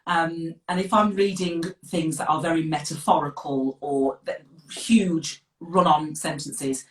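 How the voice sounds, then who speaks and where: A middle-aged woman with a Birmingham accent, chatting as a guest author on a live video call, direct and quick to laugh. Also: sits low, fairly even intonation. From West Midlands of England. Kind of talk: casual live interview. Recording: echoey room, distant from the mic.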